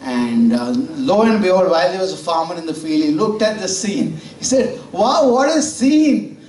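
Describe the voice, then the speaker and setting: A man's voice: on the high side, animated, moderate pace, darkish tone, a little hiss or hum. A man preaching a sermon in a conversational way, telling stories and asking the congregation questions. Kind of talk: sermon with storytelling. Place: church sanctuary. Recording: roomy church audio from far off.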